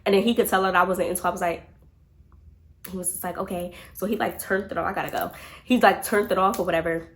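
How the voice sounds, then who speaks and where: A young woman vlogger telling a storytime, chatty and animated, talking straight to her viewers. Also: mid-range voice, fast talker. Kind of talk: storytime vlog.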